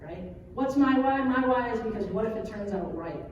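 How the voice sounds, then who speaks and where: A woman in her thirties, an educator, giving a chatty, animated conference talk and often checking in with the audience. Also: a little high, moderate pace, lo-fi sound, a little hiss or hum. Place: large hall at an educators' conference. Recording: echoey hall from far off.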